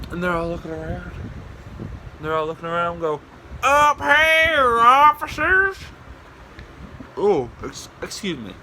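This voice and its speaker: A man telling a rambling comic story and jumping into loud, high voices for the quotes. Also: a little hiss or hum, rough recording. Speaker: comedic storyteller.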